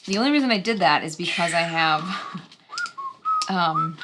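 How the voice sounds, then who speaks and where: A chatty woman co-hosts a live board game stream and drifts easily from one topic to the next. Her pitch swings in a lively way. A faint hiss sits under her voice. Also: measured pace. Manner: chatty, jumps between topics. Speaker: co-host of a board game channel. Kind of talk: casual chat while playing a board game.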